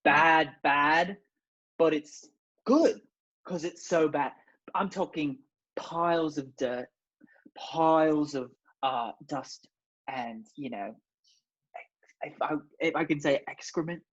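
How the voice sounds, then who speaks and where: A woman's voice: sits low, slow, long pauses. A woman playing a bumbling male sex expert obsessed with rats, rambling and hesitant in a put-on British accent that slips, heard over a video call. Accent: put-on British, slipping. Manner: rambling, hesitant, absurd deadpan boasts. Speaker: guest. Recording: dull lo-fi video call audio.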